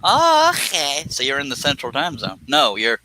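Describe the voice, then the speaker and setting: A man's voice: mid-range voice, brisk, a crowd in the background, rough recording. A man hosting a casual live stream while he works, rambling and joking in a folksy way. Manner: rambling, folksy, jokey, exclaims "by God". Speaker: livestream host, scroll saw pattern designer.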